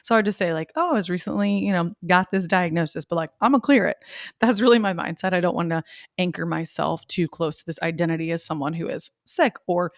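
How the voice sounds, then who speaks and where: A young woman from Tennessee hosts a solo podcast, telling a personal story in a chatty, confessional way packed with "like"s and quoting herself and others. Her voice is lowish and fairly quick, recorded in clean studio sound with no echo.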